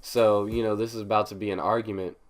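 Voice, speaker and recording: A young man telling a story on his vlog, animated and emphatic, with lots of fillers. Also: on the low side, fast. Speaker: vlogger.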